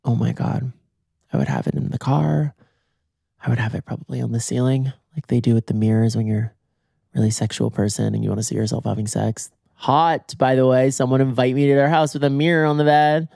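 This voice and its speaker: A man hosting a podcast in a comic monologue, theatrical and swinging his pitch for emphasis, slightly hoarse from being sick, recorded in bed at home. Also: fairly even intonation, a little fast, warm tone, dry recording, clean studio sound. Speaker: podcast host.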